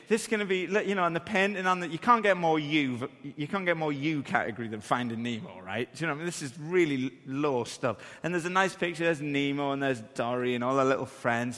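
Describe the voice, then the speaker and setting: A fairly high-voiced man tells a story from the pulpit. He makes fun of himself and acts out each moment. His voice rings with the long echo of a big hall. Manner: animated, self-deprecating, acts out scenes. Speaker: preacher. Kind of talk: humorous sermon storytelling.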